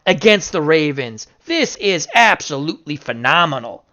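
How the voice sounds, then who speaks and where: A man giving casual play-by-play commentary on simulated football games, excitable and bursting into shouts over big upsets. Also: fairly high pitch, moderate pace, few pauses, lo-fi sound. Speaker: video game sim commentator.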